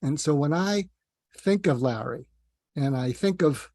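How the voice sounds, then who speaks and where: Man guest chatting loosely, self-deprecating tangents, slightly high voice, dry close sound. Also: lively intonation, a little slow, a little mellow, dry recording. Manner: rambling, self-deprecating, storytelling with asides. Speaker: guest, psychiatrist. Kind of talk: casual interview talk.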